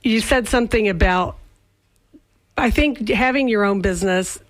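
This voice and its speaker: A woman's voice: medium pitch, normal speed. A woman interviewing a guest in a radio studio, friendly and encouraging, often restarting her sentences.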